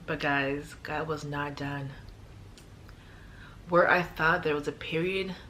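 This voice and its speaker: A young woman vlogger telling a personal story in a heartfelt, emotional way, with many sighs and pauses. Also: fairly low pitch, a bit bright, slight background noise.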